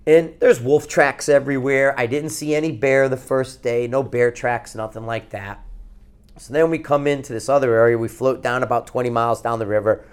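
A podcast co-host from Connecticut tells a long outdoor story, rambling casually, swearing a lot and telling it with animation. His voice is mid-range, clear and resonant, at a normal speed.

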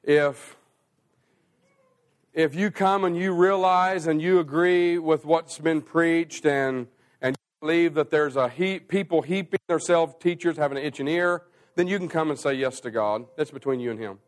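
A man preaching a sermon as pastor, swinging between loud, rising emphasis and hushed, slow passages. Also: a little high.

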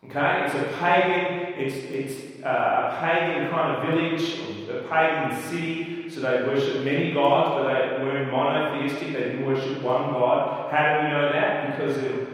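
A man teaching through a Bible passage in a lively, self-deprecating way, acting out the quoted lines. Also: mid-range voice, moderate pace, few pauses, far from the mic. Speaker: preacher. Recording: echoey hall, voice from afar.

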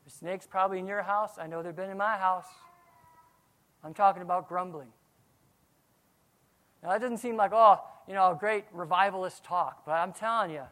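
Man preaching an animated sermon. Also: high-pitched. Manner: animated preaching, swings from quiet to loud. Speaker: pastor.

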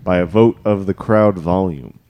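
A young man in casual chat, telling an animated story and laughing often. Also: sits low, moderate pace, dull audio.

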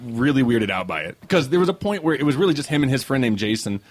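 A young man in a casual podcast chat, his voice sitting in an ordinary middle pitch. He tells a long story with plenty of swearing and brings it to life by playing every line that people said to him. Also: fast. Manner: animated anecdote-teller, swearing freely, acting out quotes. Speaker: podcast co-host.

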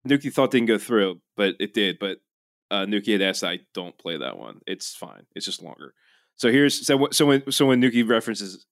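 Casting: male podcast host, animated pitch, dry close sound, rambling jokes. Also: no room sound. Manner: jokey, rambling. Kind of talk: casual chat.

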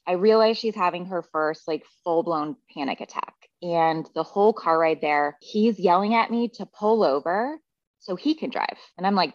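A middle-aged woman with a lowish voice tells a personal story as a podcast guest. She is frank and sprinkles in profanity and constant "like"s. The recording is dry and slightly dull. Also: a little slow, no echo. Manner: frank, profane, heavy use of "like" fillers. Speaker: podcast guest, therapy practitioner.

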